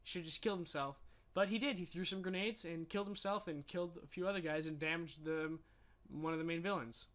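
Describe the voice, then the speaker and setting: This man has a bright, sharp tone that sits a bit high for a man. He co-hosts a casual podcast and recaps films with plenty of emotion, getting animated as he goes. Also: fairly quick. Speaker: podcast co-host. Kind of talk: casual movie chat.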